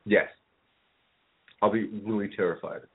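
A man's voice: on the low side, fairly even intonation, unhurried, slight background noise. A man hosting a casual podcast, rambling and joking with friends and laughing often. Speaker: podcast host. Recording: phone-like narrow sound.

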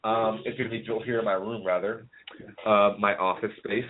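A man's voice: on the low side, little pitch movement, moderate pace, slight background noise. A man hosting a casual podcast, rambling and joking with friends and laughing often. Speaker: podcast host. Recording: phone-like narrow sound.

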